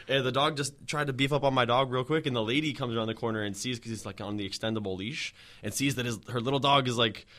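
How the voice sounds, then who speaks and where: Bright-voiced joking podcast co-host man. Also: medium pitch, quick pace. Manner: joking, laughs often, animated storytelling. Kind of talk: casual podcast chat.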